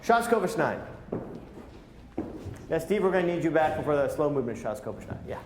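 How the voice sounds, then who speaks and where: A man's voice: on the high side, a little fast, slight background noise. A man teaching a clarinet masterclass, coaching the players with jokes and counting them in. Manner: animated, joking, coaching with counts. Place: large recital hall. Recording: roomy hall sound, faint ambience.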